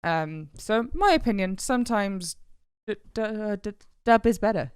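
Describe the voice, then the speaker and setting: Clear-voiced blunt woman chatting. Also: mid-range voice, lively intonation, normal speed, darkish tone, no room sound, studio quality. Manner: blunt, sweary, laughing easily. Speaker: podcast co-host. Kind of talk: casual chat.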